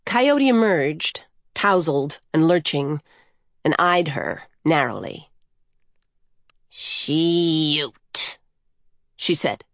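Woman reading a story, slow and lyrical, lowish voice, dry close recording. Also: dry recording. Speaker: narrator. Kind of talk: scripted audiobook narration.

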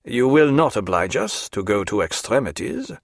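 A man voicing a stern middle-aged army major who questions a prisoner in a cold, formal, measured way. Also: medium pitch, big pitch swings, no echo, studio quality.

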